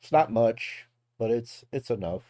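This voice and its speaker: A man's voice: medium pitch, expressive, a little slow, mellow, no echo, studio quality. Rambling Texan man reacting to clips. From Texas. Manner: rambling, laughs often, swears freely. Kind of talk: casual reaction commentary.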